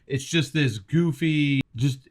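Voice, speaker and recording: A man's voice: a little high, slow. A man co-hosting a casual podcast, rambling and searching for names as he talks. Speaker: podcast co-host. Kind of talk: casual chat.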